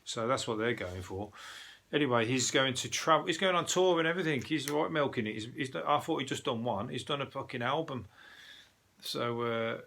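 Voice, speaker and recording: A man's voice: mid-range voice, moderate pace, creaky, fairly bright tone. A man with a Birmingham accent, hosting a casual solo news podcast in a rambling, sweary, chatty way with lots of fillers. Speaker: podcast host.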